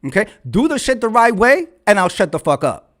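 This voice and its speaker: A man's voice: high voice, big pitch swings, fairly quick. A man hosting his own vlog, delivering a fiery, profane rant and repeating phrases for emphasis into a red microphone. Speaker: vlog host. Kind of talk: ranting commentary.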